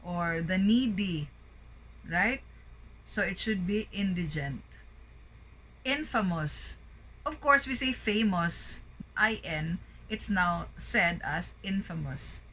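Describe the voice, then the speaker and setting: A woman's voice: medium pitch, animated, bright, forceful tone, low-quality recording. A woman with a Filipino accent, teaching an English pronunciation lesson and drilling words one by one. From Philippines. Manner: slow, deliberate word drilling.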